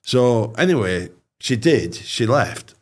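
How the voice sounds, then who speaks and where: Lively blunt man. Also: medium pitch, takes it slowly. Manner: animated, blunt, dialect grammar. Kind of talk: casual anecdote telling.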